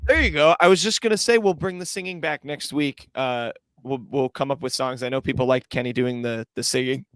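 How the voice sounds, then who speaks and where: A man's voice: medium pitch, fairly quick, a bit bright, no echo. A man co-hosting a sports podcast in a casual, joking way, rambling into asides. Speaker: podcast co-host. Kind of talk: casual chat.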